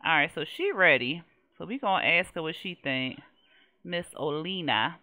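A woman's voice: low-pitched, lively intonation, moderate pace, bright, forceful tone. A young woman, chatting casually and laughing as she plays a life-simulation game and talks to its characters. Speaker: game streamer. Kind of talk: casual Let's Play commentary.

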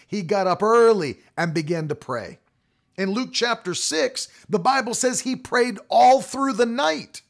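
A man preaching a sermon, emphatic and repetitive, stretching out key words for stress. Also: sits high. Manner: emphatic, repeating key phrases.

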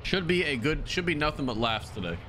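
A man livestreams a shooter game, chatting loosely with viewers and calling chat "dude" and "brother" in casual commentary. His highish voice is brisk with lively intonation, coming through a streaming mic and audio mixer with background noise.

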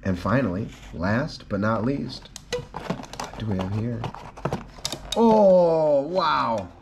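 Low-voiced male travel vlogger, eager food-tasting reactions. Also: slow, background noise. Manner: excited, exclaiming over each dish.

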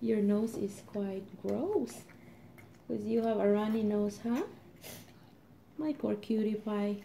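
A woman's voice: mid-range voice, slow, creaky, background noise. A woman filming a casual home vlog, talking sweetly to her children over breakfast. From Philippines. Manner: doting, sing-song talk to her kids.

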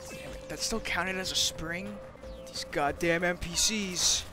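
A man's voice: high-pitched, measured pace. A young man giving casual commentary while playing a racing game, cursing and laughing in frustration, sometimes slipping into mock-dramatic villain talk. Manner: frustrated, swearing, laughing often. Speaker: gamer commentator. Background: game music.

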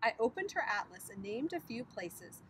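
Woman reading a storybook with lively melody. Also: on the high side, normal speed, slight background noise, rough recording. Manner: expressive storytelling. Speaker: preschool teacher. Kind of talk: reading a picture book aloud. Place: outdoors on a bridge over a creek.

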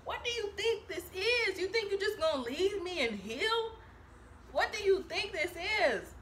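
A woman's voice: very high-pitched, expressive, a little slow, a bit bright, slight background noise, pitched above the performer's own voice, heavily acted. A woman putting on the voice of a jealous, possessive ex-lover who mockingly and indignantly demands to know how you dare leave. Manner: mocking, outraged rising questions.

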